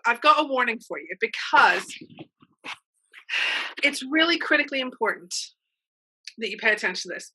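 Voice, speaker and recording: Upbeat woman coach, bright and slightly high voice, chatty workshop delivery. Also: poor audio. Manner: upbeat, chatty, frequent check-ins with listeners. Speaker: mental game coach. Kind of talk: online workshop teaching.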